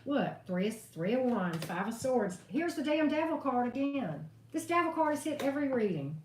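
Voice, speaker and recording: A woman's voice: high voice, sing-song, normal speed. A woman reading tarot on a live stream, venting in a blunt, profane way. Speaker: tarot reader. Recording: echoey room, distant mic, faint noise.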